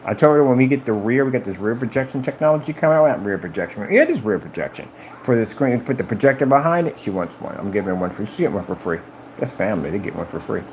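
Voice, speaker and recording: A man talking casually on a live stream about his company's products, boastful and animated, often acting out conversations in a raised voice. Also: fast talker, slight background noise, poor audio. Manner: animated, boastful, retells conversations in high-pitched quoted voices.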